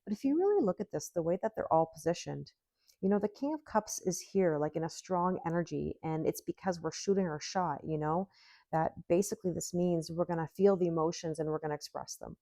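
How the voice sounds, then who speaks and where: A woman's voice: fairly low pitch, fairly quick, dark tone, no echo. A woman doing a solo tarot reading, chatty and giggly, musing aloud with lots of hmms. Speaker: tarot reader.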